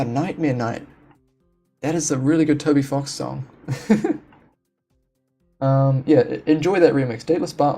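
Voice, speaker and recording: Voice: medium pitch, warm tone. A game streamer chatting casually on a home stream, rambling with restarts and frequent laughs. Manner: rambling, laughing, self-deprecating. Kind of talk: casual live-stream chat. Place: home room.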